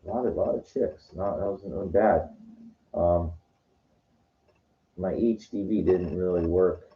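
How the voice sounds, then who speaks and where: A middle-aged man telling a story from his night out in a rambling, halting, profane way, vlogging to camera. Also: deep voice. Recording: dull lo-fi recording.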